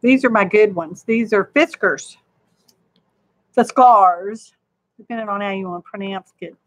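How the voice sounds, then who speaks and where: Talking fast in a steady, medium-pitched voice, this crafting channel host rambles homily to her viewers and herself during a live craft demo. The recording is dry.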